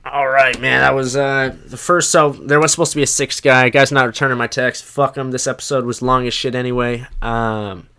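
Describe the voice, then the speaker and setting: Laid-back bright-voiced podcast host. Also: male voice, mid-range voice, fairly even intonation, brisk, few pauses, clear, resonant tone. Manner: laid-back, filler-heavy, profane. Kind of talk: casual podcast chat.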